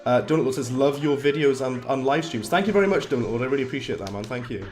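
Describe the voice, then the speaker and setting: A man with a slightly hoarse voice, chatting casually while livestreaming a game, reading chat aloud and laughing often. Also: mid-range voice, fast, a little mellow. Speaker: livestreaming gamer. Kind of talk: casual live-stream commentary.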